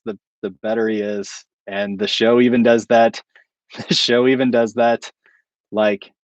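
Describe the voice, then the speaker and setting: A man's voice: mid-range voice, a little mellow, no room sound. A man hosting a casual livestream and chatting with viewers. He rambles and chuckles at his own jokes. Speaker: channel host.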